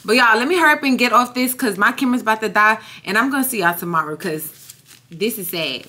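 A young woman vlogging casually to a phone camera in a room, chatty and animated, addressing viewers constantly with a hum from an air conditioner behind her. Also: a little high, quick pace. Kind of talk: casual vlog chat to camera.

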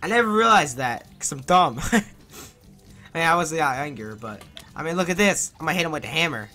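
A man's voice: on the high side, expressive, fairly quick, music in the background. A young man giving casual, jokey, self-mocking commentary while playing a video game. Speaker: let's player.

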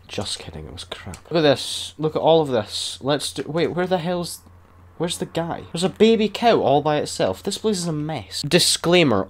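A young man giving sweary, excitable and sarcastic commentary while building in a video game. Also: medium pitch. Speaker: gaming YouTuber. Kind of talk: casual gameplay commentary.

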